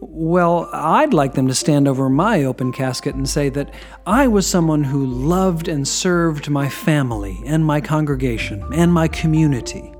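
A man's voice: on the high side, expressive, normal speed, darkish tone, soft background music, natural voice. A man voicing an earnest family and church man in a joke.

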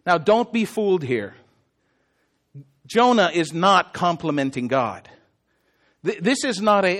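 Guy preaching a sermon, high voice, super animated, keeps asking the crowd "right?". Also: a little slow, long pauses. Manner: animated, conversational, asks the audience questions. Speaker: pastor.

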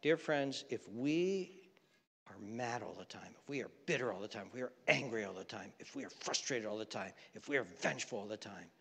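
A male pastor preaching a sermon, swelling into impassioned pleading and dropping into quiet prayer. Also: fairly low pitch, lively intonation, a little fast, vocal fry, husky, in a large hall.

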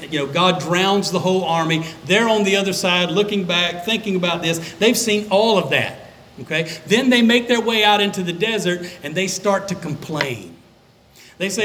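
A man preaching a sermon as a pastor, conversational and emphatic, with dramatic pauses. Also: sits high, a bit bright, slight background noise, low-quality recording. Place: church sanctuary.

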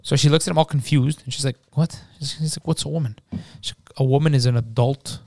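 A man co-hosting a podcast, retelling a story quickly in casual chat and acting out the people in it. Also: mid-range voice, fairly even intonation, gravelly, darkish tone, no echo, clean studio sound. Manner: rapid storytelling, acting out quoted people, frequent swearing. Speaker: podcast co-host.

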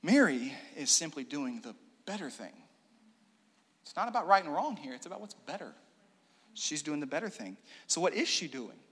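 A man preaching a sermon in a church room, animated, with joking asides and hushed prayer. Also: on the high side, normal speed, breathy edge. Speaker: pastor. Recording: long reverb of a hall.

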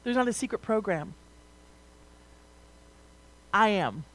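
A young woman delivering a sermon in a relaxed, chatty way, full of casual asides and tag questions. Her voice sits at a middle pitch and climbs in force when she drives a point home. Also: slow pace, poor audio. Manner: conversational, rising to emphatic, frequent "like" and "right?". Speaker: preacher.

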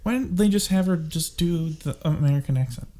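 A man's voice: a little high, lively intonation, fairly quick, mellow. A man in a casual chat about a movie, ranting and sarcastic, with exasperated complaints and running asides. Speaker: co-host discussing a movie.

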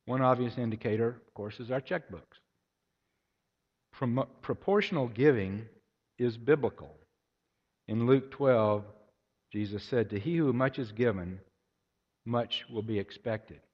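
In an echoey hall with dull lo-fi sound, a man delivers a sermon in a medium-pitched, breathy-edged voice, unhurried and pausing often. He tells anecdotes, acting out the voices of the people in them.

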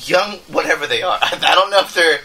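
A young man co-hosting a casual podcast chat, animated and laughing, jumping up in pitch to make a point. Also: fairly quick. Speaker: podcast co-host.

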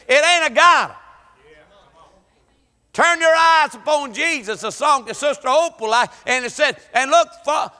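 An impassioned preacher, a man with a very high, sharply bright voice. He drives his sermon in a rolling cadence and climbs into shouts. His words ring through the long reverb of a church hall. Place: church sanctuary.

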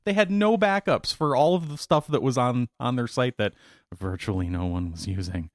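A man chatting casually as a podcast co-host, often pausing to search for the right word. He slips in sarcastic remarks. His voice sits at an ordinary pitch and is recorded close and dry. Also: no room sound. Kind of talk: casual chat.

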